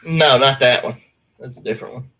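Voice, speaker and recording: A man's voice: mid-range voice, a little fast, bright, forceful tone. Laid-back man, dry remarks. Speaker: guest. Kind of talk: casual chat.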